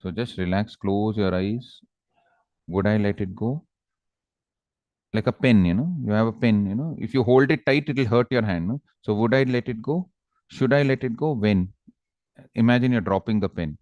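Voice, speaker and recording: Indian english guy teaching exam prep, deep voice, calm and coaxing, kinda dull dry sound. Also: moderate pace, no echo. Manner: calm, coaxing, acts out characters in anecdotes. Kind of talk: exam-prep lecture with storytelling.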